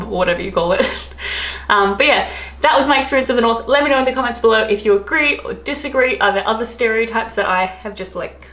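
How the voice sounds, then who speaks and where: A woman's voice: mid-range voice, a bit bright. A woman with an Australian accent, chatting casually to camera, rambling and often laughing. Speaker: travel vlogger. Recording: echoey room, faint ambience.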